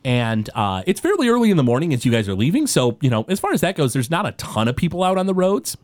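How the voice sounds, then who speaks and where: A man's voice: on the high side, wildly swooping pitch, fast. A man narrating a tabletop role-playing game as game master, in a loose way with many fillers.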